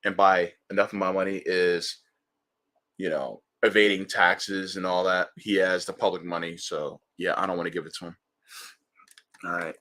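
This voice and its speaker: A man hosting a casual commentary show, animated and excitable, who jokes and swears casually. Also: low voice, moderate pace. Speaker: show host.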